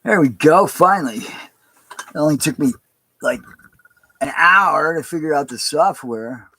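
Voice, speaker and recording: A man who is a pastor, talking in a casual, rambling and halting way on a livestream. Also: fairly high pitch, lively intonation, bright, forceful tone.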